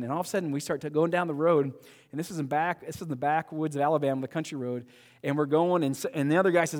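Animated male preacher in a reverberant hall. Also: on the high side, fast. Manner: conversational storytelling, animated, frequent restarts. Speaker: pastor. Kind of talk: sermon.

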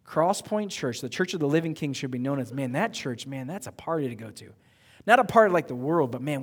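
A middle-aged male pastor preaching a sermon in a church, telling stories in a lively, conversational way. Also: medium pitch. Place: church sanctuary. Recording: echoey church hall.

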